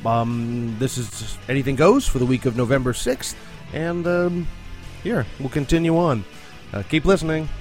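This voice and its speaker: A man hosting a podcast between segments, halting and self-correcting with lots of fillers. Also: mid-range voice, a little mellow, soft background music. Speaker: podcast host.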